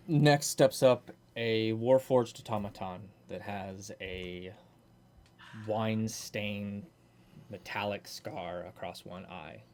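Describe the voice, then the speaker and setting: Man, low voice, casual narration, tabletop game. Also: slow pace, a little mellow.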